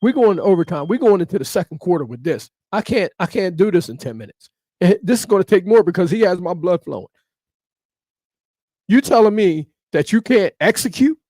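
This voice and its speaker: A man's voice: high-pitched, sing-song, brisk, dark tone, no room sound, studio quality. A man ranting through sports opinion commentary, emphatic and repeating his points over and over.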